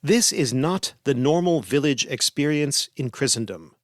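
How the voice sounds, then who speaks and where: A man hosting a podcast, reading essays aloud in a measured, formal way. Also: mid-range voice, animated, no room sound, studio quality. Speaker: podcast host.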